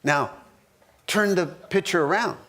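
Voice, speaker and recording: A man's voice: sits high, a little slow, pushed and bright, a little hiss or hum. A man in his sixties, a pastor teaching a marriage class in church, earnest and repetitive with frequent restarts.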